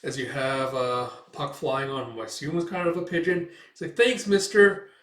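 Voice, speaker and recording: A man's voice: medium pitch, moderate pace, a bit bright. A man casually narrating a comic read-through in a loose, rambling way. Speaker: manga reader and commentator. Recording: echoey room, distant mic.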